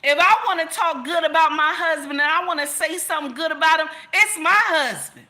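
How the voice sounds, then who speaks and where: A woman's voice: high-pitched, a little fast, pushed and bright. A woman speaking straight to her audience in an impassioned rant, scolding and repeating herself for emphasis. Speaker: commentator. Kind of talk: impassioned direct-to-camera rant.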